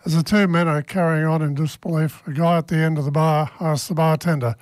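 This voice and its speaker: A man presenting local radio, reading the weather in a relaxed, chatty way and telling a joke. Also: a little high, brisk, hardly any pauses, dry recording.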